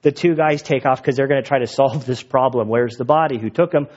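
A man's voice: mid-range voice, fairly quick, darkish tone. A man preaching a sermon in a casual, conversational way, retelling the text with asides. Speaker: pastor. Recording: dull lo-fi recording.

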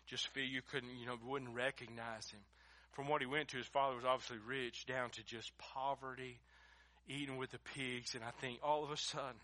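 A man preaching a sermon, moving between quiet storytelling and loud, emphatic preaching in a folksy way. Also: medium pitch. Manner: swings from hushed storytelling to shouted preaching. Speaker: pastor.

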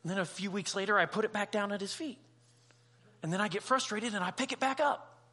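Male pastor, lively conversational sermon, bright voice, acts out dialogue. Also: sits high, fast. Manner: humorous asides.

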